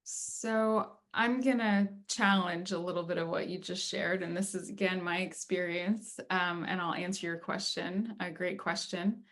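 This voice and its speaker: Middle-aged woman, gravelly edge, casual webinar speaker with many fillers. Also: lowish voice, steady tone, measured pace, hardly any pauses, fairly bright tone. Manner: conversational, frequent fillers. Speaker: speaker on leadership and empathy. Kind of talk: webinar talk with Q&A.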